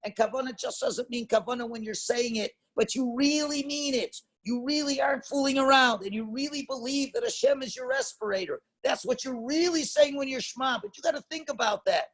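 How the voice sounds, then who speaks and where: A rabbi with a strikingly high voice leads a Torah class. He speaks emphatically, tosses out rhetorical questions and moves between loud stresses and quiet asides. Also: brisk, few pauses. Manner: emphatic, rhetorical questions, mixes Hebrew and Yiddish terms. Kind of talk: Torah class lecture to a congregation.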